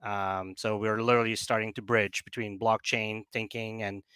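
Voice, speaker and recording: A man with a fairly low, clear, resonant voice speaks at normal speed with a flat delivery that sounds pushed and bright, in a dry recording. He's a guest on a remote call, a project business developer explaining things in a casual chat with many fillers and restarts.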